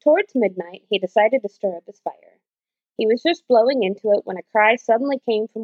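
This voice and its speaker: A woman reading a fairy tale aloud as a bedtime storyteller, in a steady, gentle way. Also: a little high, fairly quick, no room sound. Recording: dull dry lo-fi recording.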